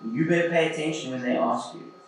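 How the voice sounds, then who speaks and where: A man, preaching in a relaxed, conversational way and often checking in with his listeners. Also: on the high side, a little fast, slight background noise. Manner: earnest, encouraging, checks in with the audience. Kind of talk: conversational sermon. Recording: very echoey church hall.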